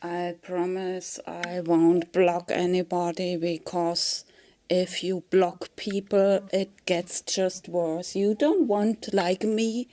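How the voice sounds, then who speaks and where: A woman giving a rambling comedic monologue in a halting way, often dropping into a whisper and breaking into giggles. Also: lowish voice, steady tone, mellow. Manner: slow, halting delivery that drifts into whispers. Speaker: vlogger.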